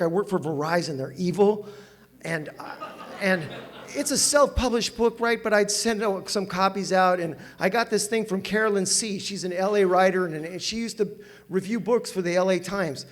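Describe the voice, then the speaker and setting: An older man from Southern California gives a personal storytelling talk at a recovery meeting, animated and self-mocking, and laughs often. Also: high-pitched, moderate pace. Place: meeting hall with audience.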